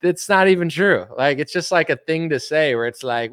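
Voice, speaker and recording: A man's voice: fairly high pitch, expressive, normal speed, a bit bright, no room sound, clean studio sound. A man ranting in casual political commentary, rambling with lots of "like" and mocking impressions. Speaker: commentary streamer.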